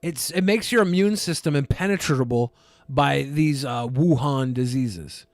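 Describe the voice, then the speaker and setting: A man's voice: mid-range voice, measured pace, dry recording, studio quality. A man co-hosting a podcast, telling rambling jokey stories in casual banter. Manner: joking, rambling storyteller. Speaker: co-host.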